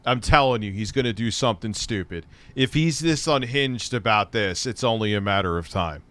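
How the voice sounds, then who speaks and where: A man's voice: lowish voice, normal speed, fairly bright tone, no echo. A man hosting a live stream, ranting in a profane, exasperated way. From United States. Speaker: streamer host. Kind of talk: heated live-stream chat.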